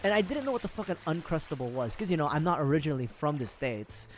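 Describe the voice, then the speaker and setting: A man's voice: fairly high pitch, very animated, quick pace, slight background noise. A man from the Philippines chatting casually with viewers on a gaming livestream, laughing often and swearing freely as he rambles.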